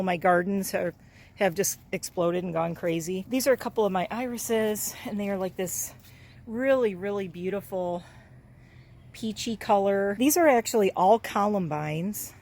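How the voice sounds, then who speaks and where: A woman's voice: mid-range voice, darkish tone. A woman vlogging casually from her backyard chicken coop and garden, cooing and baby-talking at her chicks between chatty explanations, recorded on a handheld camera. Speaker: homestead vlogger. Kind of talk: casual vlog tour.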